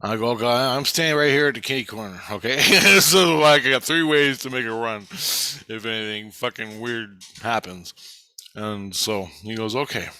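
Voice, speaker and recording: Man, casual storyteller, crisp bright voice, profane, acts out quotes, dry close sound. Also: mid-range voice, moderate pace, dry recording. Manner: profane, retells events with acted-out quoted dialogue. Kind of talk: casual first-person storytelling.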